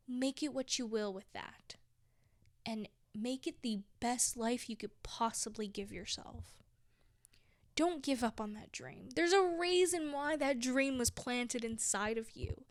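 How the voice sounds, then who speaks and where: A woman in her twenties giving heartfelt, emphatic life advice as a vlogger, dropping now and then into soft whispered asides. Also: fairly high pitch, slow pace, dry recording, studio quality. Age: 20s. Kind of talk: heartfelt motivational talk.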